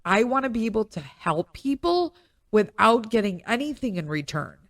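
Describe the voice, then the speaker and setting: A woman's voice: on the high side, sing-song, normal speed, no echo, clean studio sound. A woman podcast host in her thirties telling a personal story in a candid, emotional monologue, often near tears. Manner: emotional, tearful storytelling with frequent fillers. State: crying.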